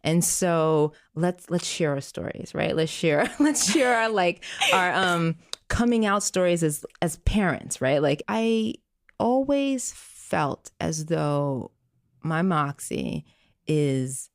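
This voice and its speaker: Woman with a low gravelly voice telling a story, casual chat, dry sound. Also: expressive, slow, no room sound. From Caribbean family, Jamaica. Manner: warm storytelling with laughs and fillers. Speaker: podcast guest, parent. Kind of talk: casual conversation.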